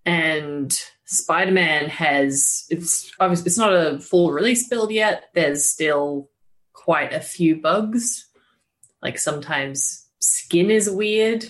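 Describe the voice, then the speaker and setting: Chatty woman game journalist, lowish voice. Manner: chatty, quick asides with "like". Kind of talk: casual podcast chat.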